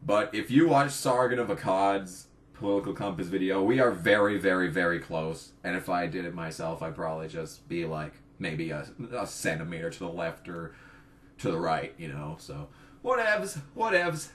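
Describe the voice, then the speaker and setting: A man's voice: low-pitched, animated, normal speed, a bit bright. Young guy vlogging a cursing rant, voice swings all over the place. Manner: profane, exasperated ranting. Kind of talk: ranting political vlog.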